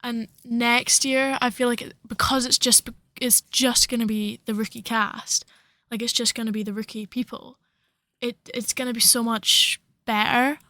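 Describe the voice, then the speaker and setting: A woman's voice: fairly high pitch, flat delivery, moderate pace, bright, forceful tone, no echo. A young woman co-hosting a podcast, chatting casually and rambling with lots of fillers. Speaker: podcast co-host. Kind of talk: casual chat.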